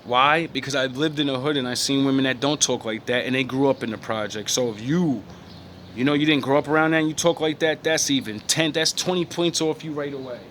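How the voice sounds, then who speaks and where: A man's voice: mid-range voice, brisk, a bit bright, a little hiss or hum. Blunt, profane man ranting. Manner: blunt, profane, mocking, laughs between points. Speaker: vlogger. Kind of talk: ranting opinion monologue.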